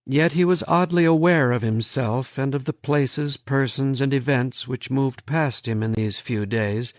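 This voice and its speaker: A man's voice: mid-range voice, measured pace, no room sound. Man reading an audiobook, dry sound. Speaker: audiobook narrator. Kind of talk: scripted audiobook narration.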